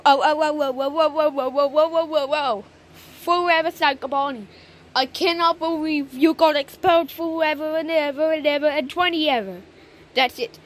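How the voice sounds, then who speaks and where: A computer voice of a woman doing a stern cartoon authority woman who scolds in stiff, repetitive bursts. The voice sits high and the delivery is slow and unhurried. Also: a little hiss or hum. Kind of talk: text-to-speech cartoon voices.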